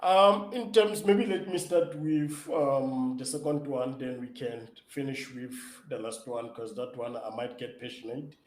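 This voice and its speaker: A man's voice: medium pitch, measured pace, hardly any pauses, echoey room, rough recording. A man, a startup founder, answering interview questions eagerly with lots of fillers and restarts. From South Africa. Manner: eager, excitable storyteller with many fillers and restarts.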